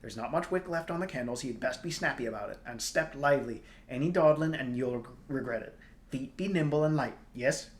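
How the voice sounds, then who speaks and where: A man doing a brisk, bossy little hairy man. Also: mid-range voice, close to an everyday voice. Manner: hurried instructions in quaint country phrasing.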